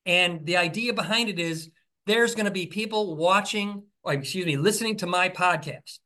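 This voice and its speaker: A man with a bright, forceful voice speaks as a guest in an interview. He talks with eager enthusiasm and leans on stories to make his point, often stumbling and restarting his sentences. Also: sits high, normal speed. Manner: enthusiastic, storytelling, frequent restarts. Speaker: author and podcast host, interview guest. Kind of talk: conversational interview.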